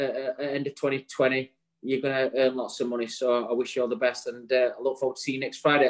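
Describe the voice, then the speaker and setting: High-voiced man rallying listeners. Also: fairly bright tone, rough recording. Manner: hearty, blunt, swears freely, rallying his listeners. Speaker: co-host. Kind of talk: live online show sign-off.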